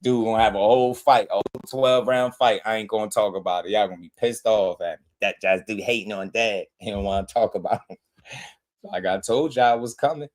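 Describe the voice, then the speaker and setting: A man's voice: on the low side, brisk. A man hosting a live boxing stream, trash-talking and mocking his chat viewers, laughing often and repeating their names as he taunts them. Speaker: boxing livestream host.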